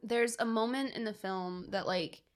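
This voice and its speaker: Woman co-host, casual film-review chat, relaxed and chatty, mid pitch. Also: measured pace. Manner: relaxed, chatty, frequent "like" and laughs. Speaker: podcast co-host.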